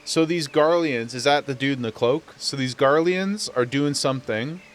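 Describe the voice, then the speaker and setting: A man's voice: medium pitch, normal speed, slight background noise. A man streaming a video game from home, joking and laughing a lot as he chats and reads the game's dialogue aloud. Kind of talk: casual live gameplay commentary.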